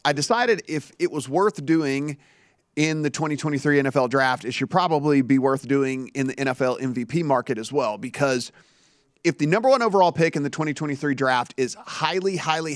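A man's voice: medium pitch, dry recording, studio quality. A man co-hosting a sports betting show, talking casually and playfully with frequent restarts.

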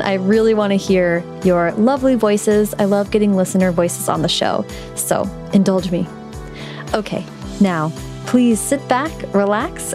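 A woman hosting a podcast about writing, reading the show's announcements and then interviewing her guest in a friendly, chatty way. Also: mid-range voice. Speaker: podcast host. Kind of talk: podcast intro read and interview.

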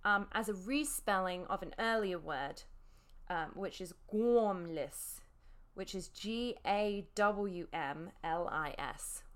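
A woman's voice: medium pitch, slow, smooth. A woman co-hosting a casual podcast, hesitant with many ums, spelling words out. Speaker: podcast co-host. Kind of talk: casual chat.

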